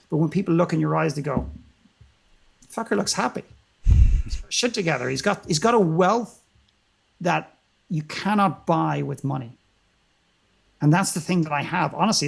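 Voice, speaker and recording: A man's voice: a little high, vocal fry, husky. A man speaking as an interview guest in a motivational conversation, emphatic and full of rhetorical questions and repetition.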